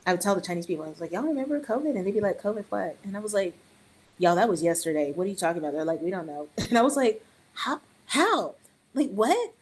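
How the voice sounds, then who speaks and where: A middle-aged woman and early childhood educator, chatting on a podcast in an animated way with joking asides. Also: lowish voice, rapid-fire, poor audio. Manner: animated, joking asides, quotes others in raised voice. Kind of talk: casual podcast conversation.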